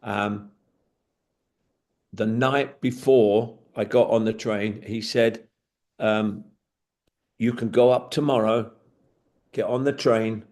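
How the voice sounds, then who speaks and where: A man's voice: on the low side, steady tone, slow pace, creaky, pauses often, a little mellow. An older man, a retired footballer telling rambling stories and acting out the old dialogue. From England. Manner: rambling, acts out quoted dialogue, chuckles. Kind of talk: storytelling anecdotes.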